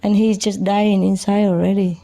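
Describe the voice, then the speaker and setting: An older woman giving an informal spiritual talk in simple, halting English, chatty and often laughing. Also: mid-range voice, level tone, gravelly, warm tone. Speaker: spiritual teacher.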